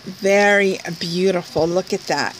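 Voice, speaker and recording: At home at night, a woman vlogger opens a gift package and shows each item to her viewers in casual unboxing chat. Her lowish voice is a little slow, with slight background noise, and she gushes, laughs often and exclaims excitedly over every item.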